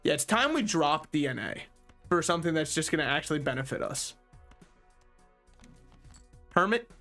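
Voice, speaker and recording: A man's voice: a little high, sing-song, moderate pace, pushed and bright, faint music behind. A man giving casual, joking commentary while he plays a card game, teasing the game and poking fun at himself. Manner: joking, self-deprecating, talks to the game. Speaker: gaming channel host.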